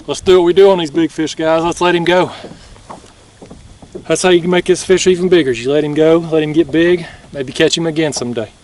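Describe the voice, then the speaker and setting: Man, slightly high voice, excited folksy vlog chatter, action camera on a kayak, faint water noise. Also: fairly quick, distant mic. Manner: excited, laughing, folksy "y'all". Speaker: fishing vlogger. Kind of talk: casual outdoor vlog narration. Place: kayak on a river at night.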